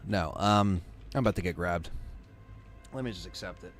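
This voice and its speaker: This gaming streamer chats loosely with his viewers about the game, sounding tired, yawning, and rambling in a relaxed way. He speaks at normal speed in a low-pitched voice, with faint music behind him.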